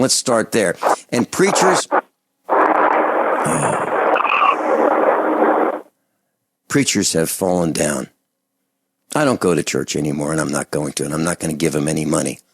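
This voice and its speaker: A man hosting a call-in radio talk show, delivering an impassioned, indignant rant that swings between loud outbursts and low muttering. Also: fairly quick, very noisy.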